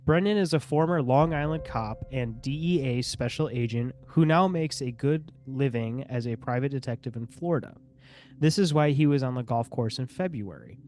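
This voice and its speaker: A man's voice: mid-range voice, moderate pace, a little mellow. A young man co-hosting a podcast, reading a case article aloud and breaking off to mock the writing. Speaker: podcast co-host.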